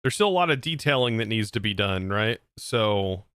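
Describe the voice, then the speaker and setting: Bright, clear-voiced man streamer. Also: on the low side, expressive, normal speed, dry recording, clean studio sound. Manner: rambling, with frequent restarts and laughs. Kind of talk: casual gameplay livestream chat.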